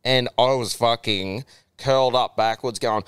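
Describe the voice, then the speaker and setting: A young Australian man co-hosts a casual podcast, telling stories, swearing freely and laughing often. His voice is medium-pitched, unhurried, fairly bright, clear and resonant, with no room sound.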